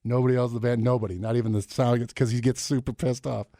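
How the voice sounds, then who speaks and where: A male morning-show host on a studio mic, talking in an animated, storytelling way. He laughs often and slips into quick impressions. His mid-pitched voice sounds close and dry, with no room echo. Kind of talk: casual radio banter.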